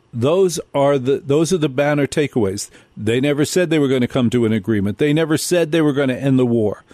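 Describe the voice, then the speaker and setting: A man's voice: mid-range voice, darkish tone, dry recording. A male radio host delivering a talk monologue, hammering his points with repetition. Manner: emphatic, repeats key points again and again.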